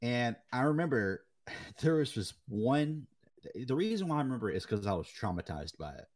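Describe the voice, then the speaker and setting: A young man co-hosting a casual gaming chat, telling animated stories and swearing freely. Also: mid-range voice, moderate pace. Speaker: podcast co-host.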